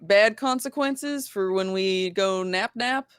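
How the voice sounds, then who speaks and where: A woman playing a tabletop game who talks excitably and stammers over her words. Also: medium pitch, slow pace, smooth, no room sound, clean studio sound. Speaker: player. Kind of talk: casual tabletop game chat.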